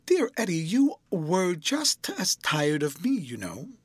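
A man's voice: very animated, moderate pace, no echo. Guy putting on a girly pouty schoolgirl voice, sing-songy, swoops way up, dry close sound. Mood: girlish, playful. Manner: lilting, girlish, with sudden high bursts. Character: sweet childish young schoolgirl, pouting and playful.

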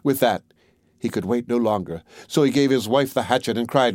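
A man's voice: mid-range voice, a little fast, a little mellow, no echo. Man reading a fairy tale, dry sound. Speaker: audiobook reader. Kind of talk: storybook narration.

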